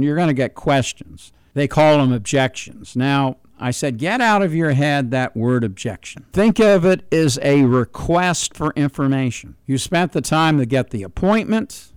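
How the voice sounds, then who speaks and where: Older male host, emphatic commentary, repeats for stress; smooth, clear voice, dry studio sound. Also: mid-range voice, no room sound. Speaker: radio show host. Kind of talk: political commentary monologue.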